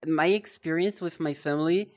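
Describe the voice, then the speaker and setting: A woman's voice: deep voice, normal speed. A young woman streaming live, chatting casually in a rambling, self-deprecating way, often stumbling over and repeating her words.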